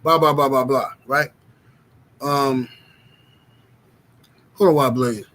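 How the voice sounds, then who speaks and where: A man's voice: mid-range voice, steady tone, slow, fairly bright tone. A man hosting a boxing commentary livestream, arguing emphatically, greeting chat and often checking in with "right?". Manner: emphatic and argumentative, keeps asking "right?".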